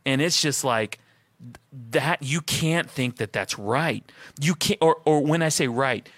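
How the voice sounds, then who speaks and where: A married man co-hosting a casual Christian talk stream, thinking out loud and posing questions to his partner and the chat. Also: mid-range voice, a little slow, dry recording. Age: adult, married. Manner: thoughtful, musing, asks questions aloud. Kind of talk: casual faith discussion.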